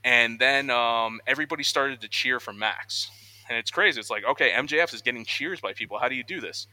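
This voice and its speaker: A young man co-hosting a casual podcast, chatting excitedly about news and acting out quotes in voices. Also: mid-range voice, a little fast, dry recording. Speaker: podcast co-host.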